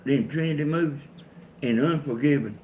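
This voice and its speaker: A man's voice: on the high side, normal speed, darkish tone, slight background noise. A man from Georgia with a Southern accent, co-hosting a live chat and talking to viewers in a plainspoken, laid-back country way. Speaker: co-host of a live chat stream.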